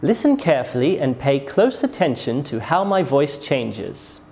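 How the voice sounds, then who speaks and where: Slow, lively-voiced pronunciation teacher. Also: mid-range voice, a little hiss or hum. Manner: careful, exaggerated rises and falls when modelling sentences. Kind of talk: scripted classroom instruction.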